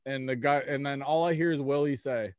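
A man's voice: mid-range voice, a little fast, smooth, no echo, clean studio sound. A young man telling rowdy hockey stories among friends, swearing often and acting out what people said. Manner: profane, animated storytelling with quoted voices. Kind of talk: casual chat.

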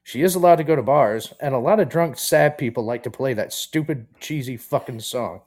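A man's voice: mid-range voice, fairly quick, darkish tone. A man co-hosting a podcast, cracking profane jokes. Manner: joking, profane. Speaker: co-host. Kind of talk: casual podcast banter.

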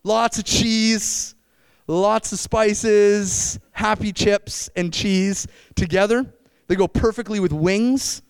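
A young man preaching a sermon, animated and addressing the congregation with frequent questions. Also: high-pitched, slow, clear, resonant tone, no room sound.

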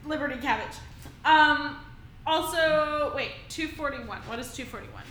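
High bright-voiced woman with hiccups. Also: unhurried, echoey room, a little hiss or hum, low-quality recording. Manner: animated, reads out her notes, laughs often. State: has the hiccups. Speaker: podcast co-host. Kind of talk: casual book discussion.

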